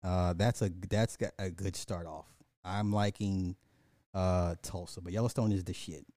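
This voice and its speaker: A man's voice: low-pitched, fairly even intonation, a little slow, dark tone, no echo, studio quality. A man hosting a casual livestream, ranting profanely and animatedly, laughing and talking to his chat. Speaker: livestream host.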